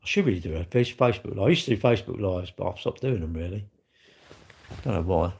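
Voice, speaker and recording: A man's voice: deep voice, expressive, quick pace, creaky, a little mellow, slightly rough. A man chatting casually on a live stream, rambling and answering viewer comments as he goes. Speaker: livestreamer and car dealer. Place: at work, indoors.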